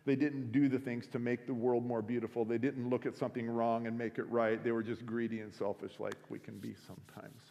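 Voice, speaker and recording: Male pastor, mid pitch, chatty storytelling sermon, recorded in a big echoing auditorium. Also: little pitch movement, brisk, creaky, hardly any pauses, dark tone. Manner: conversational, frequent restarts. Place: school chapel or auditorium. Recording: long hall reverb.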